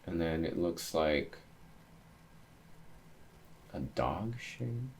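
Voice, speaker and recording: A young man reading a manga chapter aloud, thinking out loud and getting excited as he reacts to each panel. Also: low-pitched, drawn-out words, slight background noise.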